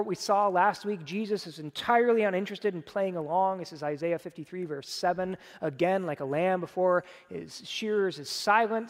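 A man's voice: sits high, in a large hall. A man preaching a sermon conversationally, putting on voices when he quotes people. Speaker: pastor.

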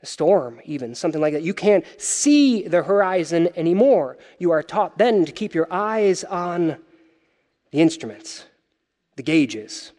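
A man preaching a sermon as pastor, animated and wry, with joking asides to the congregation. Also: a little high, a little slow, big-room sound.

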